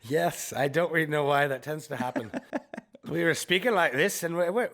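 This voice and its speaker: A man co-hosting a podcast in casual chat, telling animated, joking stories while recovering from chemotherapy. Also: fairly high pitch, normal speed. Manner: animated storytelling, jokey. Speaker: podcast co-host.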